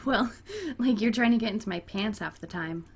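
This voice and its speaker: A woman's voice: medium pitch, moderate pace, slightly rough. A woman gamer reading a dating game aloud and breaking off into chatty, giggly asides, including talking to her cat. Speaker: let's play gamer.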